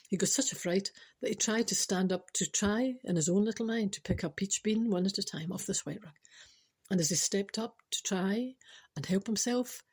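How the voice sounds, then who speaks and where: A woman's voice: mid-range voice, a little mellow, husky. A Scottish woman in her forties telling a rambling comic story, chatty and self-interrupting, often adding "I know" and ad-libbing. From Scotland. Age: 40s. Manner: chatty, keeps saying "I know", ad-libs and digresses.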